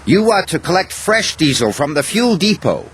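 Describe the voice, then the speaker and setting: A man doing a high, flustered quarry manager. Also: moderate pace, a little hiss or hum. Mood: alarmed. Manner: excited, alarmed. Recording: storybook reading over clear music.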